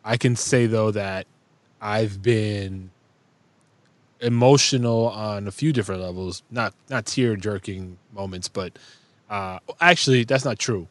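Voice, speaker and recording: A man in his thirties on a podcast, joking around in casual chat and speaking deliberately. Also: on the low side, no echo. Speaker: podcast co-host, father.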